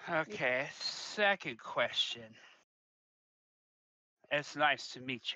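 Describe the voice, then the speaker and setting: An eager, playful man taking his turn at a tabletop game. His voice is bright and forceful, and he talks slowly. The sound is dull and lo-fi, with a dry feel. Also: medium pitch, animated, dry recording. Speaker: player. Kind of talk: casual tabletop play.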